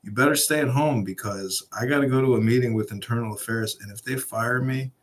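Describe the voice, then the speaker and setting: A man's voice: mid-range voice, fairly quick. A man telling stories in a casual podcast chat, swearing often and laughing as he goes. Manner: profane, laughing, animated storytelling. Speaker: podcast co-host.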